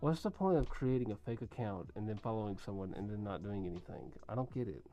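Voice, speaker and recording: Chatty male streamer, low voice, music behind. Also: lively intonation, fast talker, dark tone, highs cut off. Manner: chatty, rambling, talks to chat and reads usernames. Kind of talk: casual livestream chat. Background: faint music.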